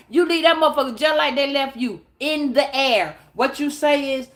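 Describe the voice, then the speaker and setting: Blunt, profane woman with a high voice. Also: normal speed, hardly any pauses. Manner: blunt, profane, animated, acts out little scenes. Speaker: tarot reader. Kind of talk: casual advice monologue.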